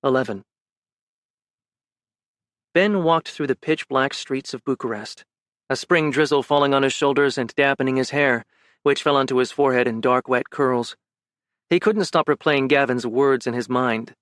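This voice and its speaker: A male audiobook narrator with a middle-range voice tells the story in a measured, even way. The sound is dry and close-miked with no room around it. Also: medium pitch, no room sound.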